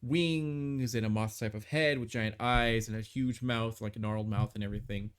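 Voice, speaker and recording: A man's voice: lowish voice, steady tone, moderate pace, clear, resonant tone. A man narrating as game master of a tabletop game on a live stream, rambling with many fillers and restarts.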